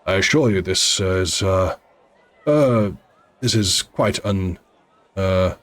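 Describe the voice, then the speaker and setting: A man's voice: low-pitched, slow pace, fairly bright tone. A man voicing a pompous cardinal bird. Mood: scolding. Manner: haughty, scolding, formal. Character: pompous strict male cardinal bird official.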